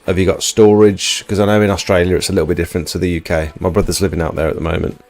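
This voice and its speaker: A man's voice: low-pitched, level tone, racing, darkish tone, soft background music. A man hosting a casual livestream, chatting and reading out viewer comments. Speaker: livestream host.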